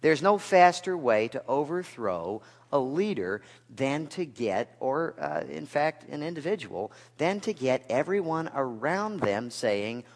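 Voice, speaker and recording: A man's voice: fairly high pitch, very animated, a little slow, few pauses. Man preaching in a reverberant hall. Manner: rhetorical questions, dry asides, swings between loud and hushed. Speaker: pastor. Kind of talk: sermon. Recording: long reverb of a large hall.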